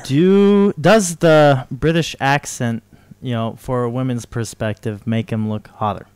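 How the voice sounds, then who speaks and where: A man's voice: medium pitch, measured pace, a little mellow, clean tone, dry recording. Sick young man hosting a podcast. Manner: loose, laughing, leads the topics. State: sick, coughing. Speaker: podcast host. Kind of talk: casual group chat. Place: room shared with several friends.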